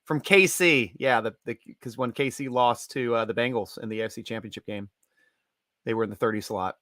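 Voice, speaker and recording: A middle-aged man hosting a casual live-stream chat, animated and chatty and quick to laugh. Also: mid-range voice, no room sound, studio quality. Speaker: host.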